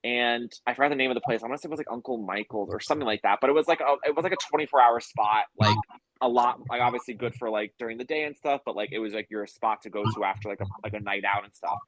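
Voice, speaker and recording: A man's voice: medium pitch, quick pace, a bit bright, no room sound, rough recording. Man, from New York, podcast guest, rambling storyteller, full of fillers, dry close sound. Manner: rambling, filler-heavy, frequent restarts. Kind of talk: casual storytelling chat.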